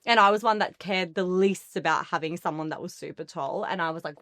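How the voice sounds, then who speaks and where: A woman's voice: lowish voice, brisk, fairly bright tone, dry recording. A woman in her twenties from Australia, with an Australian accent, chatting as a guest and laughing often, her talk full of "like". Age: 20s. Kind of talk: casual chat.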